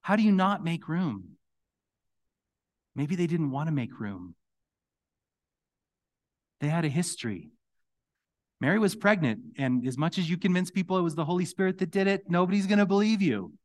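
A middle-aged male pastor giving a sermon in a casual, conversational way, his voice starting to go hoarse. He speaks a bit higher than most men and often builds to emphatic questions. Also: expressive, moderate pace, long pauses. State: voice going hoarse.

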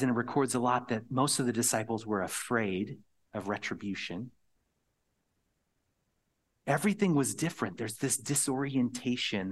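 A man preaching a sermon, earnest and storytelling, sometimes dropping to a hushed whisper on key words. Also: mid-range voice. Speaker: pastor.

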